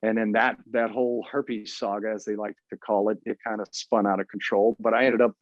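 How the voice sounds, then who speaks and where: A man in his fifties, an author, telling his story in an interview in an earnest, halting way with many restarts. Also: lowish voice, flat delivery, no echo, muffled recording.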